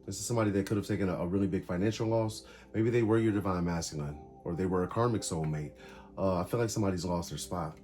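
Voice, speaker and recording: A man's voice: low-pitched, quick pace, darkish tone, faint music behind. A man giving a casual tarot reading, calling out cards in short emphatic bursts. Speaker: tarot reader.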